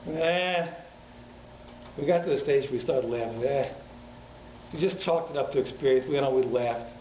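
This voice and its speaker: A rabbi teaching a class at a community synagogue, telling stories animatedly and repeating words for emphasis. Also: male voice, medium pitch, normal speed. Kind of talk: storytelling lecture. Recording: echoey, dull hall recording with faint noise.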